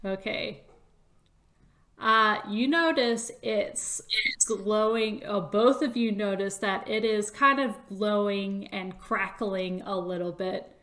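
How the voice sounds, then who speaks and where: A woman's voice: mid-range voice, slow pace, fairly bright tone. A woman narrating a tabletop game as game master, with many hesitant fillers.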